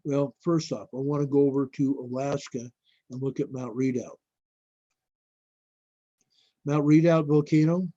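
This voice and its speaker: A man with a somewhat high, mellow voice hosts a casual live stream, rambling unhurriedly and calling his viewers folks. He talks very slowly. The sound is dull and lo-fi, with a dry, close feel. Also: no echo. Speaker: livestream host. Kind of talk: casual live stream commentary on earthquake maps.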